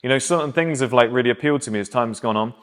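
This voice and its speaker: A man's voice: mid-range voice, racing. A man, giving blunt, emphatic dating advice in a casual, conversational monologue. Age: 30s.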